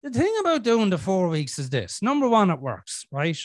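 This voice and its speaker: A man's voice: high-pitched, huge pitch swings, normal speed, no room sound, studio quality. A middle-aged Irish man hosting a podcast, telling a story in casual chat, swearing a lot and acting out his inner voices. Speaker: podcast host.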